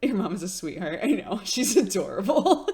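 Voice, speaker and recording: A woman's voice: mid-range voice, sing-song, normal speed, darkish tone. A young woman streamer chatting casually with her live chat, telling stories with lots of fillers and giggles.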